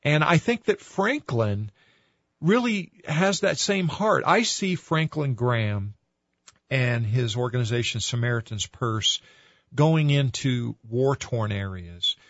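A man's voice: medium pitch, expressive, slow, a bit bright, no echo, lo-fi sound. A man hosting a radio interview, speaking with feeling and asking his guest questions. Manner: emotional, moved to tears. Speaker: radio host.

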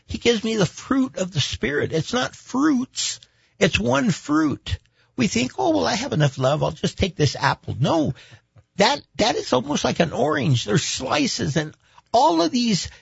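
A man's voice: high voice, vocal fry, husky, dry recording, lo-fi sound. A man who is a pastor gives an emphatic, preacher-like testimony in an interview, repeating words for weight.

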